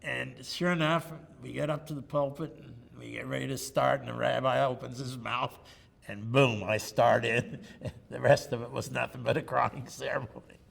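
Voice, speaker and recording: A man's voice: mid-range voice, steady tone, normal speed. An older man telling personal stories in an oral history interview, chatty and joking, on a lapel mic. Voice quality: gravelly. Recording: room with long reverb, faint ambience.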